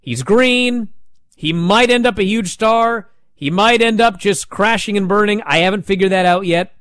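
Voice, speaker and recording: A man casually recapping a wrestling show, animated and sarcastic as he tells it. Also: high-pitched, moderate pace, clean tone, no room sound, clean studio sound.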